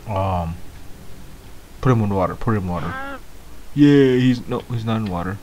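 A man giving excitable, baffled gameplay commentary as a first-time gamer, laughing often. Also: on the low side, moderate pace, lo-fi sound, slight background noise.

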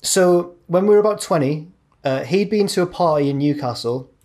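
A man's voice: on the high side, expressive, moderate pace, darkish tone. A young man co-hosting a podcast, telling a long rambling story in a casual, chatty way. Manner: rambling, chatty, drops into mate's voices. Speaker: podcast co-host.

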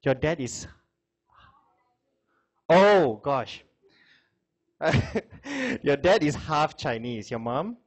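A man's voice: fairly high pitch, sing-song, drawn-out words, long pauses. A man giving a classroom lecture, chatting with students, asking questions and laughing often.

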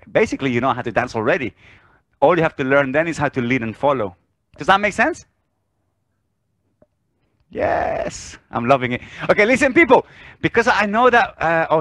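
A man's voice: on the high side, no echo. A man leading an online dance class over a video call, counting beats and cueing steps energetically while out of breath. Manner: energetic counting and cueing, often repeats himself. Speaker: dance instructor.

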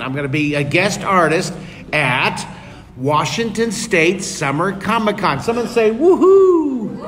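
High, bright-voiced enthusiastic man teaching art. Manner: enthusiastic, cheering on children. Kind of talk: live drawing lesson with kids. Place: museum room with children. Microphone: leaning close to camera. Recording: echoey hall, noisy room.

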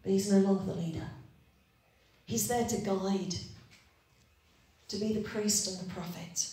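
A woman's voice: medium pitch, steady tone, a little slow, warm tone, very echoey, rough recording. A woman pastor preaching a sermon, retelling scripture in a chatty, conversational way. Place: church.

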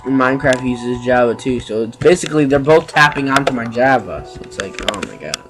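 A man giving casual gameplay commentary, chatting to viewers with sudden loud exclamations and sarcastic asides. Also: medium pitch, lively intonation, brisk, music in the background. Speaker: let's play gamer.

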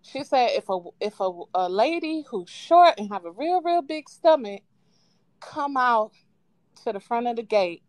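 A woman calling in to a live show, casually telling a childhood story with lively quoted voices and frequent laughs. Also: fairly high pitch, measured pace, no room sound. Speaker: caller. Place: at home on a live call. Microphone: phone.

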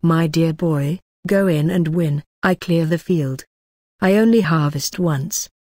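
A woman reading the part of a drunk, rambling gentleman who speaks in an oily, ornate way in an audiobook. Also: sits low, slow, no room sound, studio quality. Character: drunk rambling older gentleman, sly and mocking.

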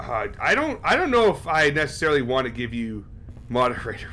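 Guy streaming a horror game, casual and sweary, mid pitch, bit of faint noise. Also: sing-song, a little fast, pushed and bright. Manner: casual and profane, chatting with viewers.

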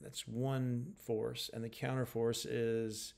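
A man explains a poem in an unscripted lecture, with a gravelly, creaky edge to his mid-pitched voice. He thinks aloud as he goes, restarting phrases and letting sentences trail off before pressing on. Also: flat delivery, slow pace, few pauses, a little mellow. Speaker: literature lecturer. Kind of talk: informal spoken lecture.

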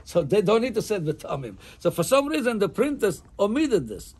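Halting high-voiced rabbi giving a class. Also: male voice, big pitch swings, a little mellow, breathy edge. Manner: halting, repeats words, reads Hebrew text in chant. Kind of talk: halacha class.

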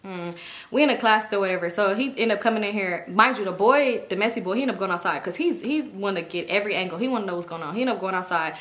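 A woman's voice: medium pitch, quick pace. A young adult woman casually telling a work drama story, acting out quotes in a raised voice. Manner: animated, acts out quotes in raised voice. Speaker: storytime vlogger.

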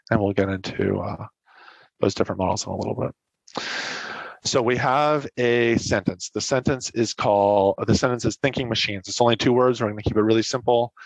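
A man's voice: fairly low pitch, gravelly, dry recording, lo-fi sound. Casual man presenting a technical lecture. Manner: casual, self-correcting explanations with frequent fillers. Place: online meetup talk.

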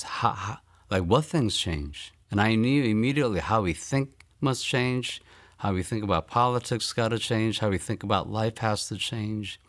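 A man in his fifties from Maryland, telling a personal testimony in earnest storytelling, often trailing off softly at phrase ends. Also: on the low side, expressive, moderate pace. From Maryland, United States. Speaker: guest giving a testimony.

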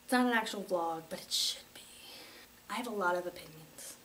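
A woman's voice: medium pitch, brisk, a bit bright. A young woman hosting a casual vlog, chatty and wry, poking fun at herself. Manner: wry, self-mocking, chatty. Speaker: host. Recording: slightly distant mic, faint room noise.

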